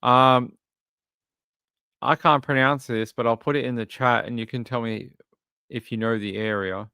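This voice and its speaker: A man's voice: medium pitch, steady tone, measured pace, vocal fry, pushed and bright, clean tone, no echo. An Australian man hosting a true crime livestream, reading out case details and then chatting loosely with viewers in a rambling way. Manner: rambling, reads news aloud then chats to viewers. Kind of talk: casual livestream commentary.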